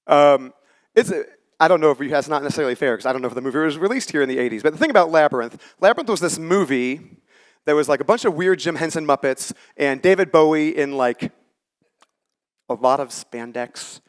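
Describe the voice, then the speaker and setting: Man in his forties, conference speaker, slightly high voice, chatty storytelling. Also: expressive, fairly quick. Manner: conversational storytelling, acts out quoted lines. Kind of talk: motivational conference talk. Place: conference stage before a live audience.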